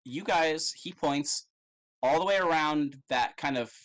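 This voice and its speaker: A man's voice: a little high, a little slow, fairly bright tone, low-quality recording. A man narrating as game master in a casual, rambling way with many fillers.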